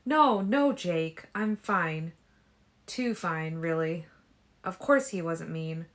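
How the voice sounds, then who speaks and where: A woman's voice: lowish voice, slow. A woman reading a guilty, anxious teenage girl in a fan audiobook, voice raised and pleading.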